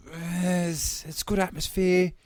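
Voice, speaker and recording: A man's voice: high voice, little pitch movement, a little slow, a little mellow, no echo, clean studio sound. A man in casual podcast chat, telling rambling travel anecdotes as a co-host.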